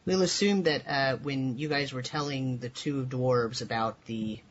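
A man narrating as game master in a tabletop game, halting with many fillers. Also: medium pitch. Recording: dull lo-fi voice chat with faint hiss.

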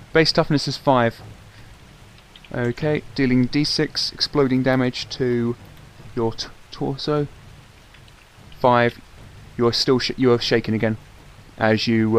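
A man's voice: mid-range voice, slight background noise. A man as game master of a tabletop game, narrating and correcting himself mid-sentence.

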